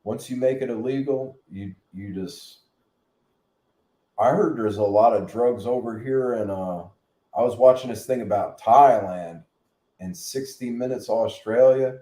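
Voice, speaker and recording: A man hosting a casual live-stream chat, joking and slangy with loud whoops. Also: mid-range voice, unhurried, echoey room. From United States. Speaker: vlog live stream host.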